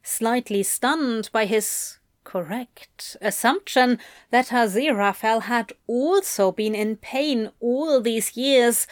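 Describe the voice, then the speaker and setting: A woman reading a story aloud in a slow, careful, intimate way. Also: on the high side, dry recording, clean studio sound. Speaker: reader. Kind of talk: audiobook narration of fan fiction.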